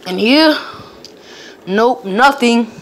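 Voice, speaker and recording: A woman with a fairly high voice narrates a playful toy-car game at an unhurried pace. She jumps between excited squeals and quiet mumbled asides as she voices the cars. A faint hiss sits under her voice. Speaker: storyteller voicing toy cars.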